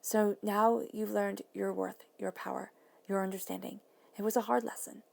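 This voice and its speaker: A woman giving a tarot reading, talking soothingly and dropping now and then to soft whispers. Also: mid-range voice, level tone, normal speed, creaky. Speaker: tarot reader.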